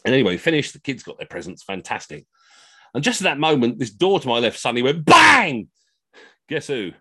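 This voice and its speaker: Cheeky man spinning comic anecdotes over a video call; very animated intonation, dry close sound. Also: mid-range voice, brisk, breathy edge, no echo. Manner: chatty, rambling, cheeky. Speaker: costumed entertainer, storyteller. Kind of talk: comic storytelling.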